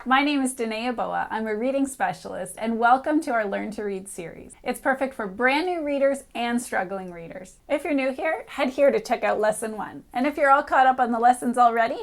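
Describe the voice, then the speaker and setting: A woman who is a reading specialist teaching a children's phonics lesson, sounding out letters slowly and clearly. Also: a little high.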